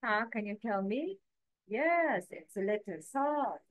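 A woman's voice: medium pitch, animated, measured pace, no echo, rough recording. A woman teaching letter pronunciation, patiently repeating words and prompting her pupils to repeat after her. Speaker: Quran reading teacher. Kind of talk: pronunciation lesson.

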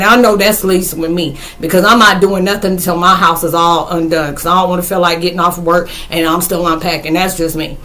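Female vlogger, bright and forceful voice, rambling storyteller, slangy and excitable. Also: fairly low pitch, a little fast, hardly any pauses. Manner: animated, rambling, with loud outbursts; slangy, folksy phrasing. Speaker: spiritual vlogger. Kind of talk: casual storytelling recap of a movie.

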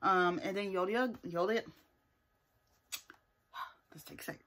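A woman talking straight to her audience in a casual vlog, recapping a reality show with plenty of sass. She presses her opinions hard and tags many of them with a pointed "okay?". Her voice sits at an ordinary middle pitch. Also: slow, a bit bright. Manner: sassy and emphatic, often tags points with "okay?". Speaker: TV show reviewer.

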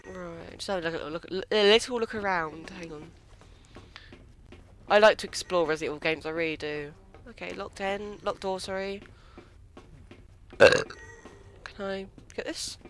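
A man giving casual gameplay commentary, excitable, squealing and swearing when startled. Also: high-pitched, measured pace, long pauses, slight background noise. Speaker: let's play gamer.

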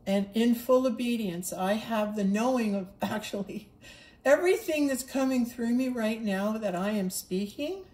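A woman's voice: a little high, lively intonation, moderate pace, a little mellow, reverberant. A woman giving an earnest spiritual monologue, repeating herself and stumbling over restarts as she speaks. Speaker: spiritual livestreamer.

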